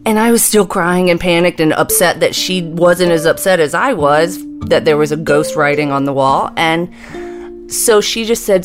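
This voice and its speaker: A woman in her fifties with a deep, low voice tells a personal story for a podcast. She takes her time and slows down on the words that matter. A music bed plays steadily under her voice. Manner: measured, deliberate storytelling with slowed emphasis.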